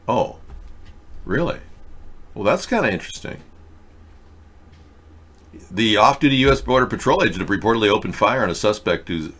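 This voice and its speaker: A man's voice: deep voice, sharp tone. Sarcastic man hosting a political show. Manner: sarcastic, mocking asides. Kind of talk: casual political commentary reading headlines. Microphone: webcam setup.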